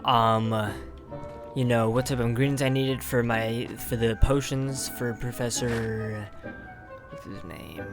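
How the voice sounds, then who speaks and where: Slow, rambling gamer man over game music. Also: mid-range voice. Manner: rambling, with many fillers and frustrated asides. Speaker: gameplay youtuber. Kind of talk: casual let's play commentary.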